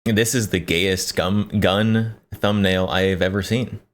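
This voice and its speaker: A man's voice: deep voice, steady tone, slow. A man streaming live, reacting to a video and chatting jokingly with his viewers. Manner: joking, laughs often, talks to chat. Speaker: livestreamer. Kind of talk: casual reaction stream chat.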